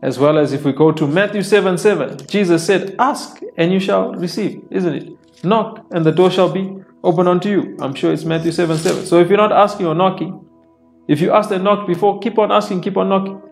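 Preacher, male, slightly high voice, plain explanatory sermon delivery, quiet worship music bed. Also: brisk, vocal fry. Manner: reads scripture aloud and explains it plainly; repeats phrases for emphasis. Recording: soft worship music underneath.

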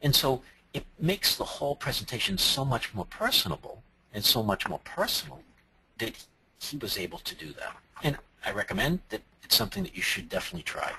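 A man from Massachusetts giving a conference talk as a presentation trainer, animated and strongly inflected. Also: medium pitch, brisk, gravelly, husky, poor audio.

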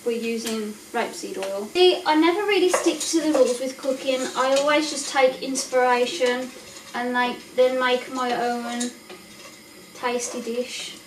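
High, chatty woman cooking at home. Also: fairly even intonation, measured pace, noisy background. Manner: chatty, self-mocking, swears casually. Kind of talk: casual cooking vlog chat. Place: home kitchen with boiling pots. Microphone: camera set back across the kitchen. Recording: echoey kitchen from a distance.

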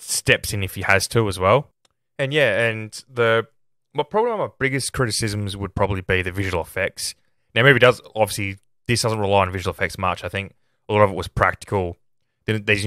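A man's voice: sits low, a bit bright, clear, resonant tone, dry recording, clean studio sound. A man hosting a film podcast, chatting casually and giving his opinions on a movie. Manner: chatty and opinionated, often starts with "look". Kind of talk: casual film review monologue.

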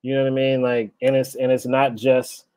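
A man's voice: mid-range voice, moderate pace, clean tone, no echo, rough recording. Laid-back man chatting as guest chef. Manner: relaxed, trailing off and restarting. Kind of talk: casual chat.

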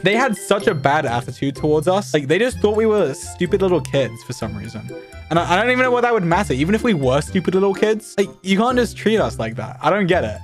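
A young man with a slightly high voice tells a story casually and keeps tumbling through "like" fillers. He sounds indignant and amused at once. Soft music plays faintly behind him. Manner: rambling, with frequent "like" fillers. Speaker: streamer. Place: home streaming setup.

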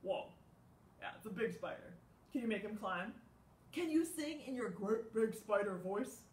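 A woman hosting a children's storytime, reading a picture book aloud in an animated, sing-song way with playful gasps. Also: medium pitch, moderate pace, recorded from a distance. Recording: echoey room with faint background noise.

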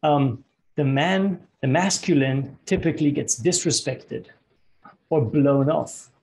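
A man's voice: fairly high pitch, takes it slowly, darkish tone, slight background noise, poor audio. A man working as a relationship coach, talking earnestly in a podcast interview and often repeating words as he searches for them. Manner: earnest, repeats words while searching, acts out quoted dialogue.

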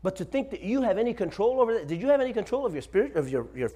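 A man in his forties preaches in a church with a high, lively voice that climbs and drops all over the place. He tells stories with humor and checks in with the room, asking "Amen?" as he goes. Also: rapid-fire. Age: 40s. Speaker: pastor. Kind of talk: sermon. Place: church sanctuary.

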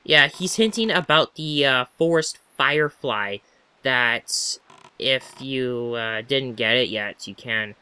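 A man's voice: mid-range voice, slow pace, bright, forceful tone, slight background noise. A man giving casual let's-play commentary, chatty and rambling as he talks to himself while playing.

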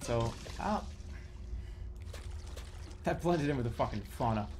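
A man streaming a game, excitable and profane, often laughing and yelping into a desk microphone. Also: mid-range voice, measured pace, a little hiss or hum. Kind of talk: gaming livestream commentary.

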